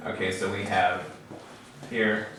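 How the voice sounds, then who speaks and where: A man's voice: low voice, flat delivery, slow, fairly bright tone, a little hiss or hum. A man teaching a Hebrew class, patiently explaining letters and vowels and quizzing his students. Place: classroom in a congregation building. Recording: very echoey room, mic far off.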